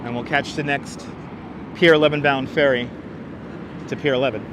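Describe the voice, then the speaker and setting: A man live-streaming a walk through the city on a clip-on mic, chatty and playful, now and then yelling. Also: mid-range voice, fairly even intonation, normal speed. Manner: chatty, playful, bursts into loud yelling and sing-song calls. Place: outdoors in a city and in an elevator. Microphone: wireless clip-on mic. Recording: street noise clearly behind.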